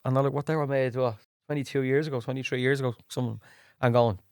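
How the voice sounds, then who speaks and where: A man's voice: mid-range voice, fast, clean tone, no echo, studio quality. A man in his forties with a Dublin accent, a guest actor telling colloquial anecdotes in a casual chat. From Ireland. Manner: lively anecdotal, colloquial, plays voices in quotes. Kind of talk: casual storytelling.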